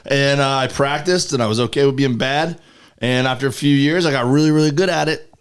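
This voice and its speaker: A man's voice: mid-range voice, brisk, smooth. A man co-hosting a comedy podcast, telling a story in an easygoing, earnest way at a studio mic. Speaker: podcast co-host. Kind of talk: casual podcast chat.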